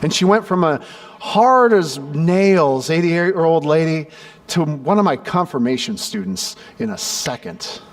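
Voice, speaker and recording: A male pastor preaching a sermon, telling stories and acting out the dialogue with lively energy. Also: fairly high pitch, measured pace. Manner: animated storyteller who acts out dialogue. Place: church sanctuary. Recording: echoey church with faint background noise.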